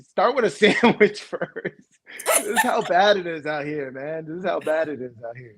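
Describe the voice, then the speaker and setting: A man's voice: on the high side, normal speed, a bit bright, slightly rough. A man co-hosting a casual podcast chat, laughing often and acting out the quoted voices in his stories. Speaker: podcast co-host. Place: home couch.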